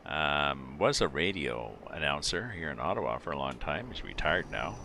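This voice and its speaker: A middle-aged man streaming a driving game speaks in an extremely low, creaky voice that's still bright and forceful. At a moderate pace he chats expressively with viewers, rambling and filling his thoughts with fillers, with truck engine and road sounds from the game underneath.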